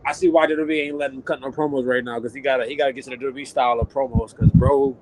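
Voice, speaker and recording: A man with a mid-range voice chats on a podcast in relaxed slang, scattering fillers through his talk. A clear layer of noise runs behind him. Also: mid-range voice, racing. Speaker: podcast co-host. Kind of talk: casual chat.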